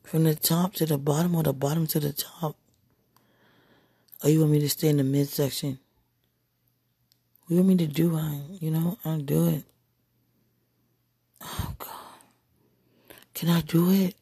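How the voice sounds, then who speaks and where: Woman, husky breathy voice, intimate monologue, slips into whispers, dry close sound. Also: sits low, fairly even intonation, normal speed, pauses often, dark tone, no echo. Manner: breathy, slips into whispers, repeated sighing exclamations. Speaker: podcast speaker.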